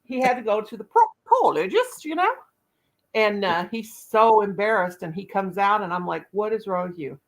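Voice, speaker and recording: A woman's voice: mid-range voice, sing-song, moderate pace, poor audio. A woman in her fifties hosting a live stream, telling candid, rambling stories in casual chat. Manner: blunt, candid rambling storyteller.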